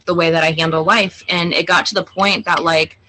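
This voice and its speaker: A woman in her thirties, a guest on a video-call interview, telling animated stories about her family. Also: on the low side, brisk, a little hiss or hum, low-quality recording. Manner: animated storyteller, acts out family dialogue. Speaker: guest, client. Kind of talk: casual interview chat.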